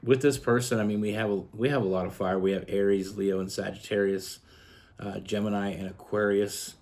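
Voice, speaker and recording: A man's voice: fairly low pitch, steady tone, fairly quick, a little mellow. A man from Canada giving a casual tarot love reading, earnest and rambling with frequent restarts. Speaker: tarot reader.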